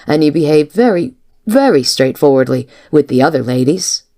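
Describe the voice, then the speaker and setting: A woman reading the lines of a calm, dutiful young female servant in a storybook, pitching her voice a little higher. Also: moderate pace. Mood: argumentative.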